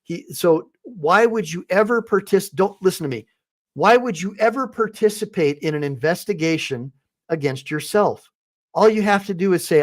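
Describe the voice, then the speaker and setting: A man with a somewhat high voice delivers combative, mocking commentary as an attorney reacting to clips. His tone is opinionated and blunt. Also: expressive, moderate pace.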